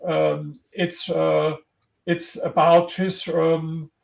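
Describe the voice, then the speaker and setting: A man's voice: a little high, flat delivery, drawn-out words, creaky, poor audio. A man with a German accent, an interview guest talking earnestly and motivationally, often restarting his sentences. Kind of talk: conversational interview.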